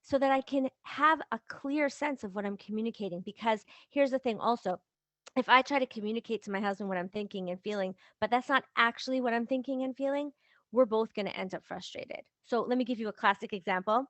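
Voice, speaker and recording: Lively higher-voiced woman coach. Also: a little fast, dry recording. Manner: lively, acts out quoted examples in little voices. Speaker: podcast host and relationship coach for wives. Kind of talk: casual advice talk.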